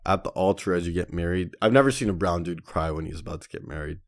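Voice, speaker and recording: A man's voice: low voice, fast talker. A young man hosting a solo podcast, telling stories in a slangy, profane way and calling listeners dude and man. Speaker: podcast host. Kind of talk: casual solo podcast monologue.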